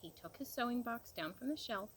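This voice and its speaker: A woman reading a picture book aloud to a child, gentle and expressive, pausing to ask questions. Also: fairly high pitch, slight background noise, low-quality recording.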